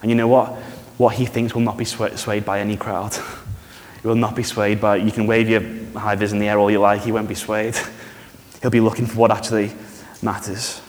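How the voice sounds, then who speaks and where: A man preaching a sermon in a church, conversational and animated, often asking the congregation questions. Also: fairly low pitch, fairly quick, slight background noise. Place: church hall. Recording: reverberant church hall.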